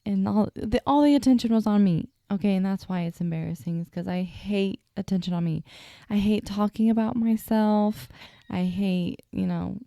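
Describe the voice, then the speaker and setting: Sleepy, gravelly-voiced young woman. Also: medium pitch, fairly even intonation, moderate pace, dark tone, no room sound, studio quality. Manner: chatty, self-deprecating, stutters at times. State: sleepy, yawning. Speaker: podcast host. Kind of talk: casual solo storytelling.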